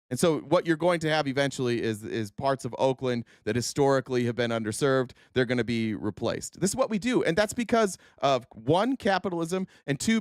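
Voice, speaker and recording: A man streaming unscripted political commentary, sarcastic and profane, swinging from low muttering to heated outbursts. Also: no echo, clean studio sound.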